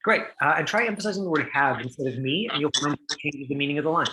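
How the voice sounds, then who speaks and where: A man's voice: on the high side, expressive, very fast, background noise. A middle-aged man teaching an online acting class, chatty and full of fillers, acting out line readings for his students.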